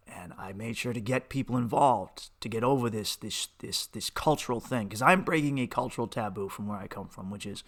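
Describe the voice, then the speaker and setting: A man's voice: fairly low pitch, gravelly, fairly bright tone, breathy edge. A young man, hosting a podcast as a candid personal monologue, profane and impassioned, with restarts and rising outbursts. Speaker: podcast host.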